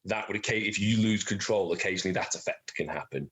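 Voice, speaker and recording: A man acting as game master, explaining the rules of a tabletop game in a relaxed, chatty way. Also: low voice, quick pace, crowd noise. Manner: relaxed, explanatory, chuckles at own jokes.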